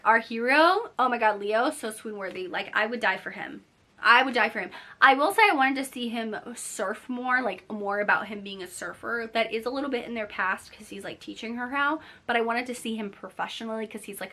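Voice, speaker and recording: A woman's voice: medium pitch, sharp tone. A young woman chatting casually to her camera at home at night, gushing about books with lots of "like" fillers. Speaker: book vlogger.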